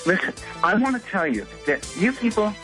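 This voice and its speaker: A man's voice: high voice, very animated, a little fast, music in the background, rough recording. A man calling in to a radio show, arguing defiantly and confrontationally with the host. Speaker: caller. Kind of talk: call-in argument.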